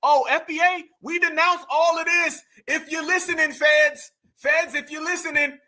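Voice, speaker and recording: A man's voice: extremely high pitch, pushed and bright. A male host giving mocking, indignant commentary on video clips and calling his viewers family.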